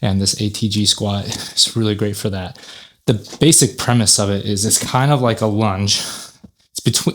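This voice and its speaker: Chatty low-voiced gym vlogger man. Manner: chatty, rambling, self-correcting. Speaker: fitness YouTuber. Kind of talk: casual workout vlog talk.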